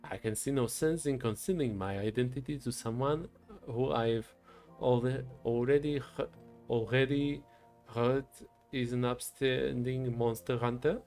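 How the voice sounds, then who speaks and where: A man puts on a courtly private detective with a thick French accent, in a story game. He speaks in measured tones over a gravelly fry, and faint music plays in the background. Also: mid-range voice, steady tone, a little mellow, lightly acted. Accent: put-on French.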